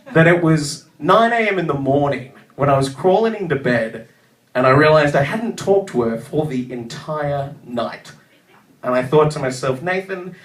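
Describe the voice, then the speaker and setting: A young man from Australia spins a funny live story in a slightly high voice, animated and self-mocking. The room rings around him, and he sounds a little off the mic. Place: live stage show in a venue. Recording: roomy sound from a distance.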